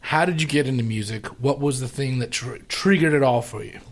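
A male radio show host in casual, jokey banter, excitable and full of filler words. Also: mid-range voice, a little fast.

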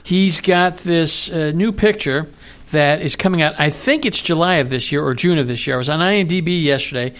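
A man's voice: fairly high pitch, fairly quick, few pauses, fairly bright tone. A man co-hosting a casual talk show, chatting playfully and sometimes putting on mock English accents. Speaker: co-host. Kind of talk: casual chat.

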